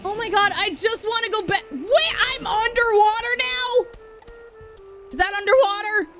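A high-voiced woman livestreaming a game, chatty and expressive as she talks to her viewers. She swings between gushing and grumbling, and game music plays clearly behind her. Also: normal speed. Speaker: streamer. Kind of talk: live game streaming commentary.

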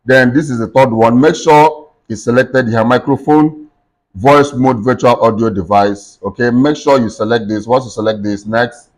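A man hosting a screen-recorded software tutorial, explaining steps in plain instructive talk with frequent fillers like "okay" and "um". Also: medium pitch, normal speed, rough recording. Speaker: tech tutorial host.

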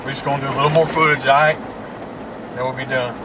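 A man's voice: medium pitch, steady tone, fast, far from the mic. Laid-back Mississippi man in a car. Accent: Mississippi Southern. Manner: laid-back, chatty, laughs often. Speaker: vlog host. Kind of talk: casual driving vlog chat. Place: inside a moving car. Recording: car and road noise. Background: road and car noise.

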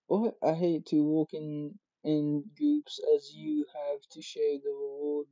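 A gaming YouTuber reading out game dialogue for many characters in quick succession, sometimes exclaiming. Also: medium pitch, dark tone, no echo, highs cut off. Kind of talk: game playthrough with read-aloud dialogue.

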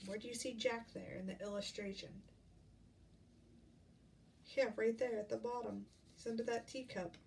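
A woman reading a picture book aloud to children, pausing to ask gentle questions. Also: fairly high pitch, fairly even intonation, creaky, a little hiss or hum. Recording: distant mic, faint ambience.

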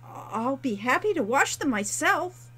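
A woman's voice: high voice, big pitch swings, a little slow, pushed and bright, heavily acted. A woman voicing an earnest young male orphan training to be a hero, eager and pleading, with frequent stammers.

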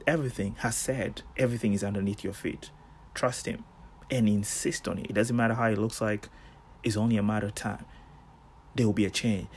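Casting: man, husky voice, relaxed devotional preacher, lively storyteller. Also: medium pitch. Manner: animated storytelling, slangy asides, laughs. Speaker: devotional host. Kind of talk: casual devotional sermon.

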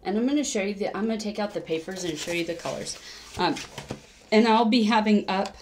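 A woman's voice: medium pitch, fairly quick, darkish tone, slight background noise. A woman chatting casually on her cross-stitch vlog, rambling, correcting herself as she goes and laughing often. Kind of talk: casual crafting vlog chat.

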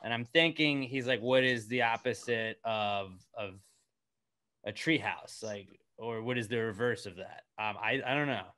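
A man's voice: medium pitch, moderate pace, sharp tone. A man co-hosting a podcast, reading listener questions and chatting casually. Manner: laid-back, reads listener questions aloud. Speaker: podcast co-host.

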